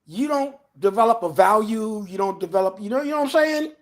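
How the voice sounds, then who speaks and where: A man in his fifties, a guest on an interview show, telling stories in an animated way and often saying "you know". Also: brisk. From New Bedford, Massachusetts area. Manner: animated storyteller, acts out others in a lower voice, peppered with "you know". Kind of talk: casual storytelling interview.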